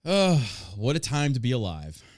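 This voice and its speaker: A man hosting a podcast, mid-pitched and animated, swearing freely and jumping up in pitch when he is riled. His voice is recorded dry and close. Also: moderate pace, dry recording. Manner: animated, profane, sarcastic. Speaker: podcast host. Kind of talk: casual podcast chat.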